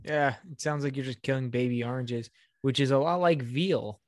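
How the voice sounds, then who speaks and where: A man's voice: medium pitch, moderate pace, no echo, clean studio sound. A man chatting casually on a podcast, crude and sarcastic, swearing freely. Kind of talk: casual chat.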